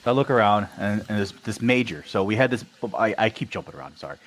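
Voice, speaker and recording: A man's voice: fairly low pitch, fast, slight background noise, low-quality recording. A young man from Wisconsin, a podcast guest, casually telling stories and acting out the dialogue. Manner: animated, acts out quoted dialogue. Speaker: podcast guest, army veteran. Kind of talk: casual storytelling.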